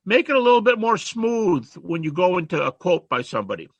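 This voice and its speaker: A man's voice: sits high, very animated, fairly quick, no room sound, dull audio. A man giving a conversational classroom lecture to students, reciting rhymes and verses as he goes.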